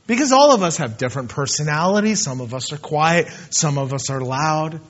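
Preaching a sermon in a fairly high voice, a male pastor sounds expressive and talks a little fast. He drops into soft asides before surging into loud, emphatic bursts, all on a dull, lo-fi recording.

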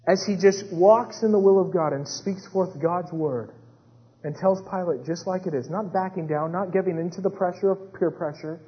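A man preaching a sermon with dramatic swings between hushed retellings and rising intensity. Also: high-pitched, normal speed. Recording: dull sound with long hall reverb.

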